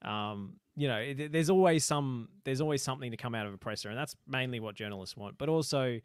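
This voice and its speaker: Measured man, dry close sound. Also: medium pitch, smooth, no echo. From Australia. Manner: measured, analytical. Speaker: podcast co-host. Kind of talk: casual chat.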